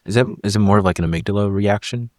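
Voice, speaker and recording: A man's voice: lowish voice, rapid-fire, no room sound, studio quality. A male podcast host asking probing questions in psychology terms. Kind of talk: interview questions.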